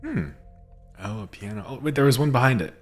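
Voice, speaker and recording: Soft background music plays as a man with a mid-range voice and lively intonation streams a game at a brisk pace. His commentary is chatty; he reads in-game notes aloud and frequently laughs and restarts.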